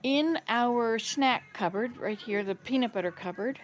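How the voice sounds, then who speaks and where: A woman's voice: on the high side, a little slow. A woman hosting a casual live stream from her home kitchen, chatting with viewers and answering their comments as they come in.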